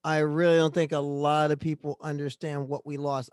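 A man co-hosting a podcast in a reflective, earnest way, his sentences stopping and restarting as he thinks. His voice sits a little high for a man, and the recording is dry and close. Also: little pitch movement, moderate pace, a little mellow, dry recording. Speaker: podcast co-host. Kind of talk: casual podcast chat. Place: Connecticut, United States.

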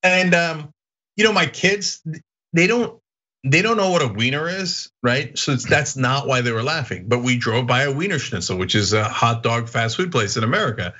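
A man from Istanbul hosts a podcast in a relaxed, chatty way. His voice is bright and swoops up high as he gets worked up telling a story. The recording sounds dull and lo-fi. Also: moderate pace. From Istanbul, Turkey. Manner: animated storyteller, voice jumps up when excited. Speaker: podcast host. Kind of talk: casual chat.

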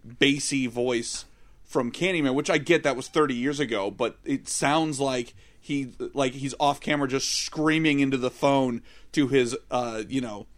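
A man's voice: mid-range voice, moderate pace. A man co-hosting a casual film-review podcast, leading the talk with crude, irreverent jokes. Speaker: podcast co-host.

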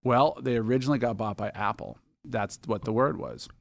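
A man's voice: medium pitch, brisk, gravelly, dry recording, clean studio sound. A middle-aged man, a podcast guest, telling a story casually, swearing and acting out quoted dialogue.

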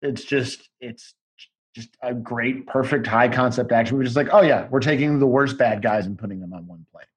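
A man's voice: medium pitch, normal speed. A man as a podcast guest, chatting casually in a rambling, enthusiastic way and swearing now and then.

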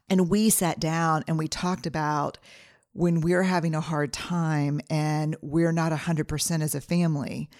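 Speaking in a low, slightly mellow voice, a middle-aged podcast host shares a numbered family plan, illustrating each step with personal stories from home. Her manner is earnest and reflective in this solo episode. The sound is clean studio audio with no room sound.

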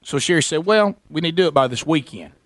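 Animated storytelling radio host. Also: male voice, on the high side, fast, no room sound. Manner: animated, acts out both sides of the story. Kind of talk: storytelling on a talk show.

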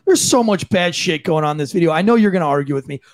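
A man's voice: a little high, animated, fast talker. Profane, fired-up man ranting. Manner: blunt, profane, impassioned ranting. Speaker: podcast co-host, former police officer. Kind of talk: heated opinion commentary.

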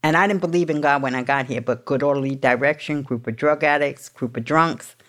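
A woman's voice: a bass voice, fairly quick, a bit bright. A middle-aged woman from New York, a guest telling her own story in a blunt, swearing, streetwise way. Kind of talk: candid storytelling.

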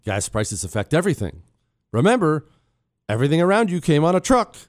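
Hoarse talk radio host, dry studio sound. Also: male voice, a little high, big pitch swings, fairly quick, no echo. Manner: blunt, sarcastic, conversational. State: losing his voice. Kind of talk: opinionated talk radio monologue. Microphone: studio microphone.

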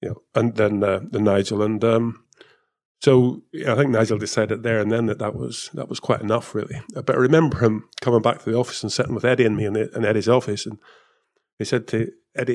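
A man with a fairly low voice talks through his years in motor racing in a loose, conversational way. He restarts sentences often and leans on fillers as he thinks aloud. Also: steady tone, brisk, a little mellow. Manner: rambling, with many fillers and restarts. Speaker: former F1 technical director and race engineer. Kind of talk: casual interview chat.

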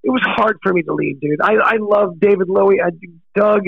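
Middle-aged drummer guy, gravelly high-ish voice, dry muffled call audio, keeps saying dude. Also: brisk, no echo. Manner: excitable, laughs often, says dude and freaking. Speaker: guest, rock drummer. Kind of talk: casual interview chat.

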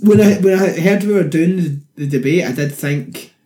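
A podcast co-host chats casually with dry, teasing, sweary humor. His voice is a little high and mellow at a moderate pace, and the recording has a roomy echo.

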